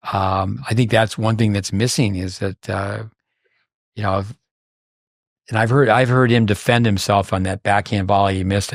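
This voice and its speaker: A man's voice: fairly low pitch, no echo, clean studio sound. An older man hosting a podcast, telling long rambling anecdotes full of fillers and restarts in casual chat. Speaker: podcast host.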